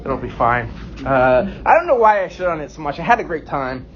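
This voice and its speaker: A man in his late twenties doing a self-deprecating stand-up set with deadpan punchlines on a comedy club stage. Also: a little high, a little fast. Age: 20s. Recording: dull lo-fi recording.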